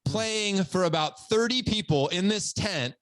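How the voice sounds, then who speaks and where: A man's voice: sits high, unhurried, a bit bright, no echo. A middle-aged man hosting a podcast, telling stories with enthusiasm in a casual chat. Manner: enthusiastic storytelling, says "dude" a lot. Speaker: podcast host.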